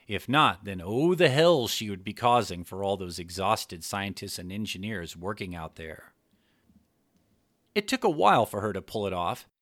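Give me a male narrator with a bright, forward tone and a dry close sound. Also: on the low side, no echo. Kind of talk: scripted narration of an adult story.

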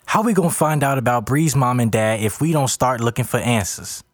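A man's voice: medium pitch, fairly quick, no room sound, clean studio sound, pitched above the performer's own voice, lightly acted. A man voicing a determined young woman who gives urgent orders. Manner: urgent, commanding.

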